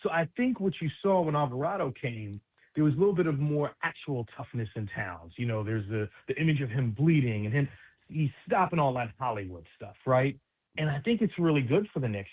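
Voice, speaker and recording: A man's voice: on the high side, husky. A man from New York City, a basketball analyst guest, chatting casually and animatedly on sports radio with street slang, over a tinny phone line.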